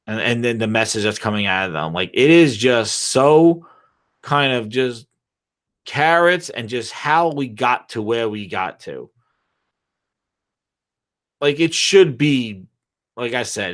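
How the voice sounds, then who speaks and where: A man hosting a gaming podcast in a casual solo rant, rambling and swearing freely. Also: medium pitch. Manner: profane, rambling, animated. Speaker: podcast host.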